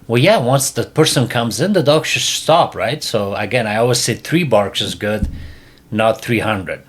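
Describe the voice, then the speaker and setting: A man hosts a casual podcast offering dog training advice, speaking emphatically and repetitively and often dropping his voice low and quiet. He talks at a moderate pace with a husky voice.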